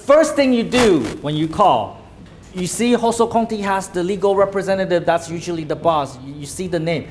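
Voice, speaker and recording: Male sales trainer, emphatic lecturer with a higher register, commanding in role-play. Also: lively intonation, normal speed, soft background music. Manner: emphatic, acts out phone calls in a commanding tone. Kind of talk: lecture to a live class.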